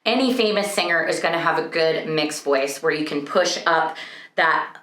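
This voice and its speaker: A woman's voice: deep voice, moderate pace, a bit bright. A young adult woman vocal coach, explaining singing registers and breaking into sung examples. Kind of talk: singing lesson with sung demonstrations. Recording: echoey room.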